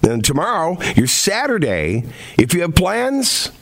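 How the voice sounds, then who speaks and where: A man's voice: sits high, huge pitch swings, measured pace, creaky. A man from upstate New York co-hosting a morning radio show, chatting casually and rambling through the weather report. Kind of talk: casual on-air chat.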